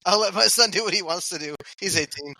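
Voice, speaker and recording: A man in his forties, a podcast guest, quick and jokey in casual chat. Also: high-pitched, pushed and bright, no echo.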